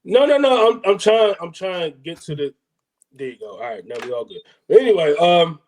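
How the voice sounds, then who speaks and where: A man co-hosting a casual podcast, throwing in quick mocking comments. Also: sits high, expressive, a little mellow. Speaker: podcast co-host. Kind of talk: casual comedic chat.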